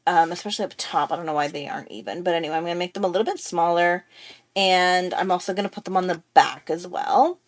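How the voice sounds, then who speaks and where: A woman hosting a casual live art stream, bubbly and excitable, chatting with many fillers and quick apologies. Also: lowish voice. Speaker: art channel host.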